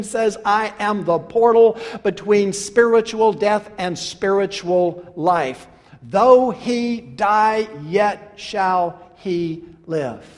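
A man preaching a sermon, emphatic and talking straight to his congregation, swinging between loud and quiet. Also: sits high. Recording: reverberant hall.

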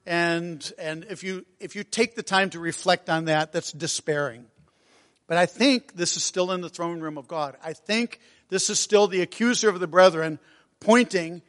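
Earnest high-voiced man preaching. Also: fairly even intonation, fairly bright tone. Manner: earnest, emotional, reads hymn lines slowly. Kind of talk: sermon. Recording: long hall reverb.

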